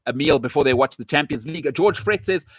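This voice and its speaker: South African man, live-stream host, impassioned rant, higher-pitched voice, dry close sound. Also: expressive, fast, a bit bright, dry recording. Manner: impassioned, emphatic, repeats for emphasis; reads out and answers live-chat comments. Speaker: show host.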